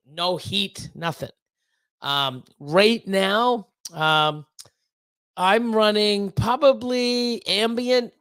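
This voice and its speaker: A man's voice: high voice, fairly bright tone, dry recording. A man hosting a casual livestream, rambling and swearing, with lots of fillers and repeated words. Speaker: livestream host.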